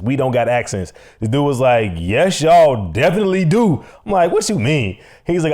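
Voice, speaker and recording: A man with a Chicago accent co-hosting a casual podcast chat, animated and playful. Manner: animated, jumps into playful high voices. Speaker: podcast co-host.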